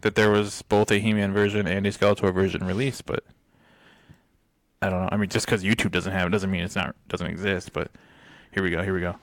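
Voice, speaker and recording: A man's voice: low-pitched, little pitch movement, fairly quick. A man co-hosting a podcast in casual chat, rambling and chuckling often between thoughts. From United States. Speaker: podcast co-host.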